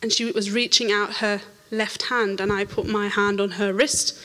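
A woman telling an animated church testimony, laughing often and acting out the voices in her story. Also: medium pitch, moderate pace. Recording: reverberant hall.

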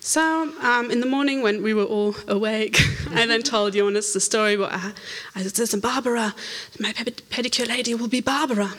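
A woman telling an animated church testimony, laughing often and acting out the voices in her story. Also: on the high side, a little fast, hardly any pauses. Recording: reverberant hall.

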